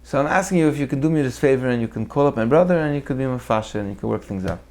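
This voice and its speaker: Man, middle pitch, Torah talk, animated storyteller. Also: rapid-fire. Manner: animated storyteller who acts out the people in his tales. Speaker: Torah teacher.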